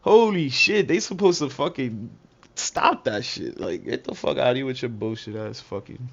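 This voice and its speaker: A man's voice: mid-range voice, lively intonation, moderate pace, vocal fry. Slangy, laughing man on lo-fi audio. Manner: slangy, profane, laughing often. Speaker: reaction streamer. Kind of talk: casual reaction commentary. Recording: dull lo-fi audio.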